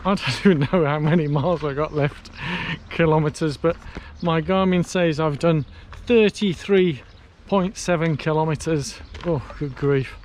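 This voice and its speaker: Man, walking vlog, slightly high voice, chatty, self-mocking, tired, outdoors, faint background noise. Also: moderate pace, hardly any pauses, darkish tone. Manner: chatty, self-mocking, thinks aloud with fillers. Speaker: vlogger on a long charity walk. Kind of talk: casual walking vlog, talking to camera. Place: outdoors on a canal towpath in hot sun.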